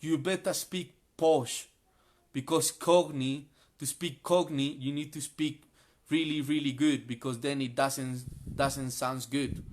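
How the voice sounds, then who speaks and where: A man who is a guest in a live online English class, chatting in a friendly, relaxed way and explaining things plainly. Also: mid-range voice, measured pace. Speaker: guest sharing travel tips.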